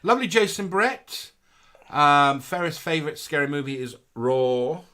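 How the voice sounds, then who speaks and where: A man's voice: a little high, measured pace, pushed and bright. A man co-hosting a live show, chatting casually and reading out viewer comments in a camp, gushing manner with sing-song greetings.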